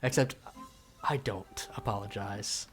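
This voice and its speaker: A man's voice: fairly low pitch, slow, music in the background. A man casually commenting while streaming a video game, chatty and self-mocking. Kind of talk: casual let's-play commentary.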